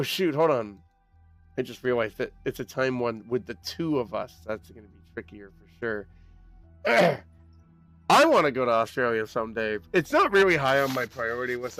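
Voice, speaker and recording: Excitable young man chatting on stream. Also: medium pitch, soft background music. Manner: excitable, rambling, quick laughs. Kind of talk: casual live-stream chat while gaming.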